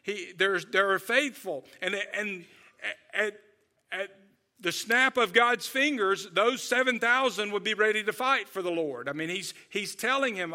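Casting: male pastor, high, bright voice, earnest and conversational sermon delivery. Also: measured pace. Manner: earnest, conversational, asks rhetorical "right?" and "okay?".

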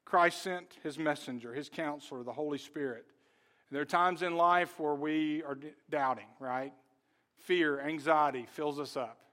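A male pastor preaching a sermon in church. He speaks earnestly and directly, putting questions to the congregation and slowing down to stress key words. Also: fairly high pitch, fairly bright tone. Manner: talks straight to the congregation with questions.

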